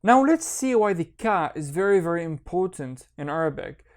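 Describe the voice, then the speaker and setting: A man's voice: fairly high pitch, big pitch swings. Patient man teaching Arabic syllables. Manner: slow, patient, repeats sounds twice. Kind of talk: online language lesson.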